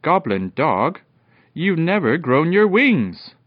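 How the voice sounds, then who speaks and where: A man's voice: medium pitch, very animated, measured pace, dry recording, pitched above the performer's own voice. A man voicing a brave, kindly little male peddler in a bedtime storybook reading, speaking urgently. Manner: urgent and pleading. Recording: dull dry lo-fi recording.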